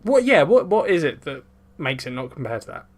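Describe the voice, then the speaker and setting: A man's voice: a little high, very animated, brisk. A young man co-hosting a podcast in casual chat, easygoing and questioning. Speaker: podcast co-host and editor.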